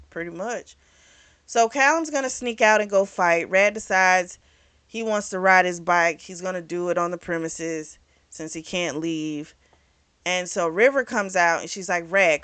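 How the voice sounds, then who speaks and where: A woman's voice: mid-range voice, fairly bright tone, no echo. Casual woman, book-club host, retells plot in a chatty way, dry close mic. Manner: chatty, retells scenes with quoted lines. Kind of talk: casual book review recap.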